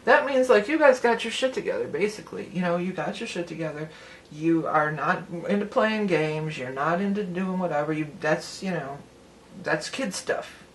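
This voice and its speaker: A woman's voice: on the low side, normal speed, a little hiss or hum. A woman giving a casual tarot reading to the viewer, chatty and breaking into giggles between her readings of the cards. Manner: talks straight to the viewer as "you". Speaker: tarot reader.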